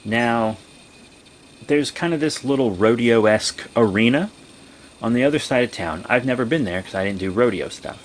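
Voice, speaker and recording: A young man vlogging, telling a rambling story in a casual way and breaking into high, excited exclamations. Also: normal speed, a little hiss or hum.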